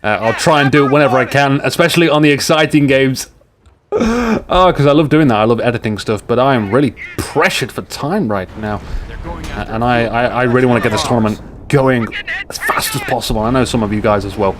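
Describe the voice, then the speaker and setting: A man's voice: mid-range voice, a little fast. Guy casting a strategy match, gets all hyped and silly, medium voice, noisy hum behind him. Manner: excitable, jokey, rambling asides. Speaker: game shoutcaster. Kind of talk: live game commentary.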